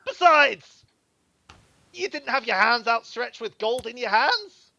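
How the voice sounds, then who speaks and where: A man voicing a swaggering bandit leader who talks in loud, mocking threats. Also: extremely high pitch, very animated, creaky, no room sound, dull audio, voice pushed up, full character voice. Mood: menacing. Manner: loud, sneering, drawn-out threats.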